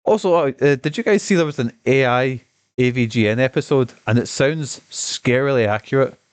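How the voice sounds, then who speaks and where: A man commenting on a game during his stream, rambling, profane and excitable, with a cough. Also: mid-range voice, moderate pace, smooth, dry recording. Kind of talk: casual gaming stream commentary.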